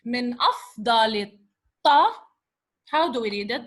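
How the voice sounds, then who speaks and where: A woman teaches a recorded revision lesson in an animated, somewhat bright voice on the high side, mixing Arabic with English. She sounds words out patiently, one syllable at a time, and repeatedly asks "okay?" to make sure students follow.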